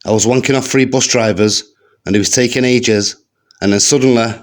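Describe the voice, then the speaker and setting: Deadpan West Midlands stand-up comic. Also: male voice, medium pitch, brisk. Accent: West Midlands English. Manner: deadpan delivery with slangy asides. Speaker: stand-up comedian. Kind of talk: stand-up set, one-liners. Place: comedy venue stage with live audience. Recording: live gig with faint crowd and noise. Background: audience laughter.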